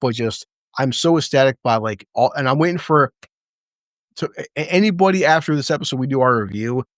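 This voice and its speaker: A man hosting a casual review chat, excitable and profane, often acting out lines from scenes. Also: medium pitch, a little fast, no room sound, studio quality. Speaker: podcast host.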